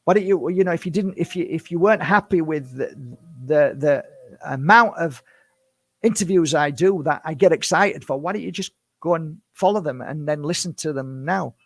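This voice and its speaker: Man, fifties, gravelly voice, slightly high pitch, emphatic and repetitive, dry close sound. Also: normal speed, no room sound. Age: 50s. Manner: emphatic, defensive, repetitive rhetorical questions. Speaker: spiritual healer and YouTuber. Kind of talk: impassioned monologue to camera.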